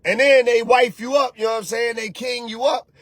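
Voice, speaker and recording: A man hosting a casual motivational talk as a spiritual coach, animated and preachy, slangy and often shouting. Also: very high voice, brisk, no room sound.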